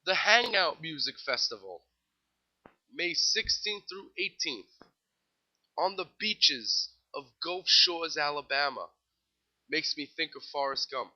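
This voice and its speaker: A man's voice: a little high, expressive, measured pace, pauses often. Wry New York man rattling off lineups. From New York City. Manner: wry, offhand asides while rattling off lists. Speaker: music news show host. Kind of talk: casual solo commentary. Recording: slightly dull lo-fi recording.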